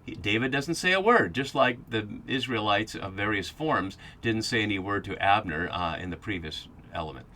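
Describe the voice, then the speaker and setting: A man's voice: on the low side, expressive, moderate pace, hardly any pauses, pushed and bright. A man hosting a podcast, giving a Bible study lecture that explains passages and thinks aloud as he goes. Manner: thinking aloud with fillers and restarts.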